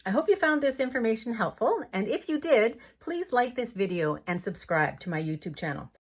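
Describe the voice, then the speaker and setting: A woman's voice: on the high side, lively intonation, brisk, husky. A woman from Canada talking through a paper crafting tutorial step by step, explaining each move as she works.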